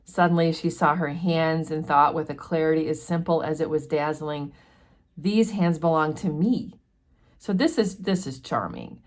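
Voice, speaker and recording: A woman's voice: low voice, moderate pace, hardly any pauses. A woman hosting a casual book discussion, explaining a chapter in a chatty way with many fillers. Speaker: book study host.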